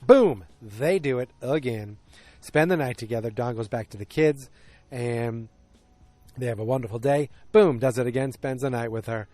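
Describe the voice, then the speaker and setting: A podcast host recaps things in a casual solo episode, his mid-range voice rambling along with frequent self-corrections and plenty of ums and uhs. Now and then he bursts out with a loud, excited exclamation. There's no room sound.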